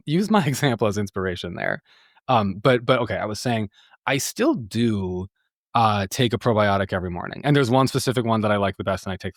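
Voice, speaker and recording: A man's voice: medium pitch, no echo, clean studio sound. A man who is a therapist and podcast host, talking candidly and casually, full of fillers and the odd swear word. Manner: chatty, candid, peppered with "like" and swearing. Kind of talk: casual solo podcast talk.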